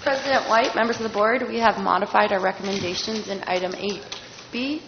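A woman's voice: medium pitch, brisk. A woman on staff reporting to a board, reading out figures carefully and correcting herself as she goes. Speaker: district staff member. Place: public board meeting room. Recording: echoey hall, dull lo-fi sound, faint noise.

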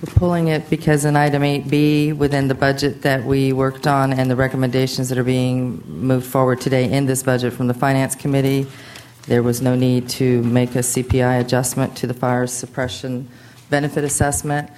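A hoarse general manager presents a budget report at a public board meeting while feeling unwell. The delivery is chatty and informal, full of fillers and friendly asides, on a flat, even pitch that stays in a mid register. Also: moderate pace.

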